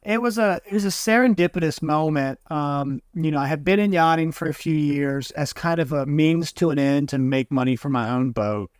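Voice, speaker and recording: A man's voice: on the high side, normal speed, hardly any pauses, clear, resonant tone, no echo, clean studio sound. A man in his twenties, friendly and chatty, answering interview questions aboard a sailboat. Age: 20s. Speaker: interview guest. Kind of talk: casual interview chat.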